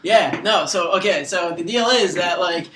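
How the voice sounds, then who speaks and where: A man's voice: high-pitched, normal speed, very noisy. A young man in casual chat, filming a student video, rambling along with lots of fillers. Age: young adult. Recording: echoey room.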